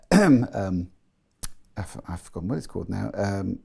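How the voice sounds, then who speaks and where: Guesting in an interview, this middle-aged voice and sound expert explains with articulate enthusiasm and acts out voices as examples. He speaks unhurriedly in a low, expressive voice that's gravelly, mellow and slightly rough.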